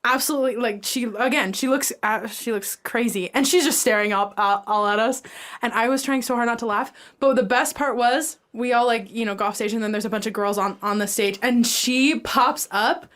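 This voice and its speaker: A woman's voice: fairly high pitch, fairly quick, fairly bright tone. A young woman co-hosting a podcast, telling a rambling story full of "like" fillers in a casual chat. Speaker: podcast co-host.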